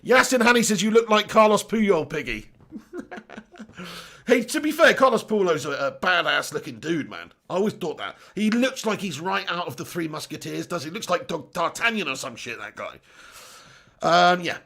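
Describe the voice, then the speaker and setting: Casual live-stream host: young man, high voice with a gravelly edge, chatty and quick to laugh. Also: big pitch swings, sharp tone. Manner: chatty, laughs often, reads out viewer comments. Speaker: YouTube channel host.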